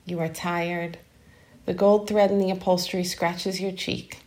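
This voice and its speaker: Woman reading fiction, slight vocal fry. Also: mid-range voice, a little mellow. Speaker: reader of a short story. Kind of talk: literary reading.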